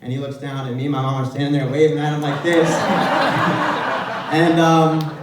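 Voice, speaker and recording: A man in his twenties giving a lively storytelling speech at a celebration, heard from a distant microphone in a big room. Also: fairly high pitch, normal speed. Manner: animated, laughing storyteller. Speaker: speaker at a celebration event. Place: large echoey event room. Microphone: far from the mic. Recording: roomy echo, distant mic, faint room noise.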